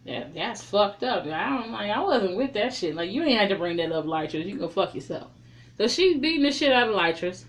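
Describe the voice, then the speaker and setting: A woman casually recapping and reviewing a film, blunt and profane, telling the story with lively opinions. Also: mid-range voice, a little fast.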